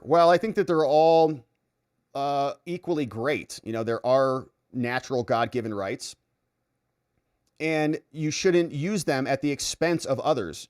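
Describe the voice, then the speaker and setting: A middle-aged man hosting a livestream in casual chat, reading viewer comments aloud and telling jokey stories. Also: mid-range voice. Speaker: livestream host.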